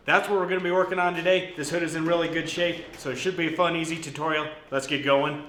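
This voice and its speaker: A young man casually hosting a hands-on car restoration vlog from his home garage, explaining his steps in a relaxed, joking way. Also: on the high side, quick pace, hardly any pauses, slight background noise. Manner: chatty, jokey, relaxed explaining. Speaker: host of a car restoration channel.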